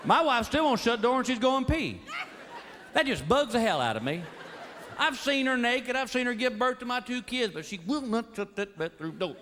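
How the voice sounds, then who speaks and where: A middle-aged man performs stand-up on a comedy stage, telling stories in an exasperated, animated way. His pitch leaps all over the place. Loud audience noise sits behind him throughout the live show. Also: normal speed. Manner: animated, exasperated storytelling that slips into put-on voices.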